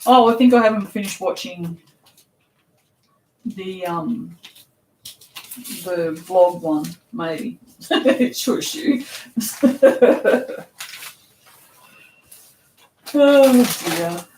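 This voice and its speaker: A woman's voice: medium pitch, animated, very slow, pauses often, a little mellow, recorded from a distance. A chatty Australian woman talks casually as she works, laughing and swearing offhandedly. Her voice sits a bit away from the mic in an echoey room with a faint hiss behind it. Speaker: soap shop owner packing orders. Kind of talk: casual live-stream chat while working.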